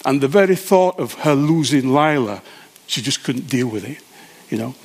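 A man preaching a sermon, telling a story conversationally and halting often to restart his sentences. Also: medium pitch, lively intonation, breathy edge.

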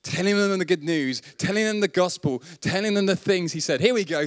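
A man from the south of England preaching a sermon, who lifts his voice high when he quotes scripture and laughs off his own slips. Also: brisk. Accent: Southern English. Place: church hall.

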